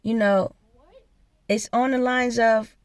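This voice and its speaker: A woman's voice: fairly high pitch, fairly even intonation, slow, no echo. A woman vlogger telling a personal story in a blunt, profane, emphatic way. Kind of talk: casual storytelling rant.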